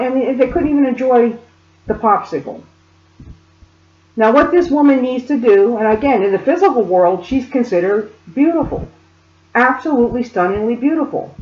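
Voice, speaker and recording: A woman speaker telling a story in an animated way and speaking directly to her listeners. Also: a little high. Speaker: spiritual reader and speaker. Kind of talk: storytelling monologue. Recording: roomy, dull lo-fi sound.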